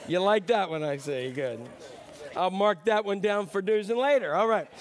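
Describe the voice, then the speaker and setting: A man preaching a sermon as pastor, telling a joke with lively character voices. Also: high-pitched, moderate pace. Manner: animated storyteller, voices characters.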